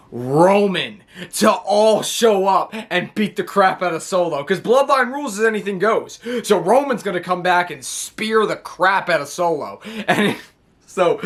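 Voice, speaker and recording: A young man recapping a wrestling show in a casual, rambling, excitable way, laughing often. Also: high-pitched.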